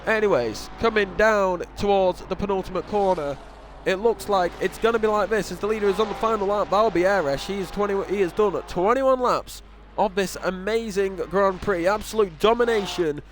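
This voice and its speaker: At a moderate pace and in a high voice, a young northern English man gives loose, rambling sim racing commentary with self-mocking asides. A slight background noise sits behind him.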